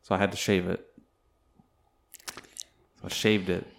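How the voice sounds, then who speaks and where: A young man in casual chat, telling stories in a relaxed, self-deprecating way. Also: low-pitched, a little slow, vocal fry, slight background noise.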